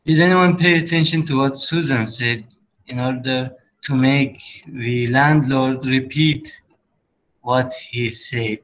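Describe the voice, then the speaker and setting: A man teaching an English class, explaining slowly with pauses and fillers, sometimes switching to Arabic. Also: medium pitch, fairly bright tone, dull audio. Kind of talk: online class lesson.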